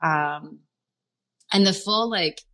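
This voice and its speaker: A middle-aged woman from Canada, a chef guest on a podcast, telling her story in a lively conversational way. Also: slow pace, no echo. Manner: animated, acts out dialogue in a higher voice, laughs often.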